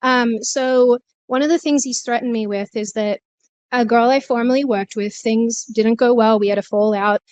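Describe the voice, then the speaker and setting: A woman with a fairly high, slightly mellow voice speaks at a moderate pace with fairly even intonation, and there is no echo. As a guest on a remote call, she talks candidly and emotionally, confessing things and laughing often. She sounds stressed and out of breath while walking, then sits down.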